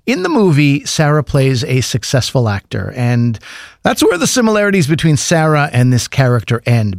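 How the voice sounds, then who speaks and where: A man guest-hosts a radio program, reading a scripted link in a steady, measured way. The studio sound is dry and close, and his voice sits at a middle pitch. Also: no echo. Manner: smooth, measured presenter read.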